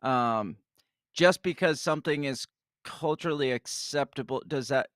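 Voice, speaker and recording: A man's voice: medium pitch, moderate pace, fairly bright tone, no room sound, studio quality. A man co-hosting a casual news podcast, reading stories aloud and commenting in a wry, hesitant way. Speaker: podcast co-host.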